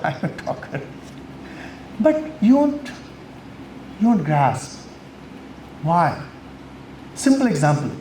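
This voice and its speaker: A spiritual teacher, giving an emphatic lecture to college students and swinging between loud and quiet. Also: male voice, high voice. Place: college hall. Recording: echoey hall, faint noise.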